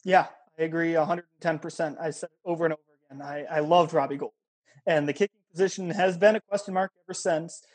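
A man with a fairly high voice hosting a radio sports talk show. He keeps the chat casual and easygoing, joking with his guest and laughing along with her. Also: steady tone, fast, darkish tone.

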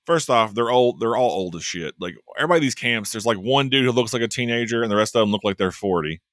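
A man co-hosting a casual chat, talking in a joking, wry way with quick asides. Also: medium pitch, animated, fairly bright tone, no echo. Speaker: podcast co-host.

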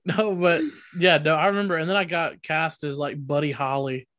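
A man's voice: fairly high pitch, fairly even intonation, moderate pace, fairly bright tone. A young man co-hosting a podcast in casual chat, laid-back and heavy on slang like dude and bro. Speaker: podcast co-host.

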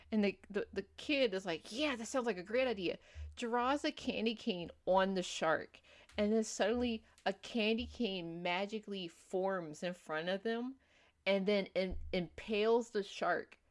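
Rambling young woman retelling a movie. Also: medium pitch. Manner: rambling storyteller, many fillers, acts out quotes. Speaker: podcast co-host. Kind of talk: casual movie recap chat.

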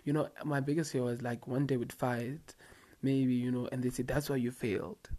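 A man's voice: medium pitch, flat delivery, normal speed, dark tone. A young man telling a casual storytime to his viewers, slangy and rambling, full of asides and fillers. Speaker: vlogger.

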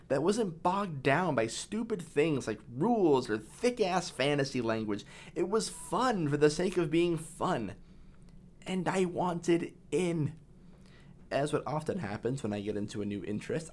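A man narrating a scripted video essay in a casual, profane, enthusiastic way. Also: medium pitch.

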